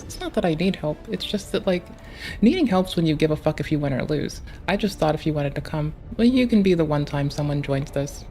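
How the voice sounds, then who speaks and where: A woman with a low voice, talking casually over a game. She is blunt and sardonic and swears a lot. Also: animated, fairly quick, dark tone, soft background music. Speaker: gaming partner on stream. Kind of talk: casual chat while gaming.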